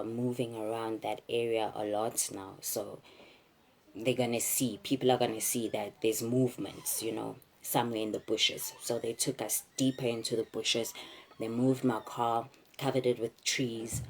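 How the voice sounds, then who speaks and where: A young South African woman, a vlogger, candidly retells a personal ordeal in a storytime, getting emotional and restarting often. Her husky voice is rumbling low with a darkish tone. A little hiss or hum sits under the audio.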